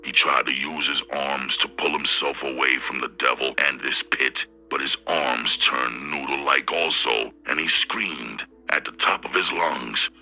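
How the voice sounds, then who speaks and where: A man narrating a short horror story slowly and deliberately, with a preacherly tone, as a storybook reader. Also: rumbling low, steady tone, gravelly, pushed and bright, faint music behind. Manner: slow, deliberate, preacherly delivery.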